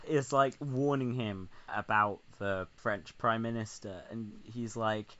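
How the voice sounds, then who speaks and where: A man's voice: on the low side, fairly even intonation, unhurried, fairly bright tone. A man co-hosting a podcast, sarcastic and sweary in casual comedic chat. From Britain. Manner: sarcastic, sweary, mocking impressions. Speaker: podcast co-host. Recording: slightly dull lo-fi sound.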